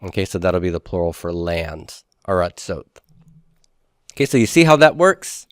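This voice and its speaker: A man's voice: low-pitched, big pitch swings, normal speed, no echo, studio quality. A man teaching a lecture, explaining step by step and asking and answering his own questions. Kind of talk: classroom lecture.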